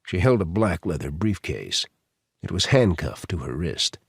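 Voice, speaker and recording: Husky low-voiced male thriller narrator. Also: big pitch swings, a little slow, no echo, studio quality. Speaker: audiobook narrator.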